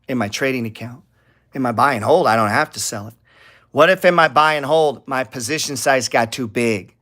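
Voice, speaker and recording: A man's voice: medium pitch, fairly bright tone. A middle-aged man hosting a casual stock trading talk to viewers, blunt and profane, rambling and getting heated. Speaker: stock trading channel host.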